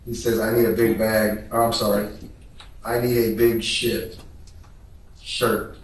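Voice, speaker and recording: A man testifying in court, reading text messages aloud in a measured, flat way. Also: fairly low pitch, slight background noise. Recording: echoey room, voice picked up from a distance.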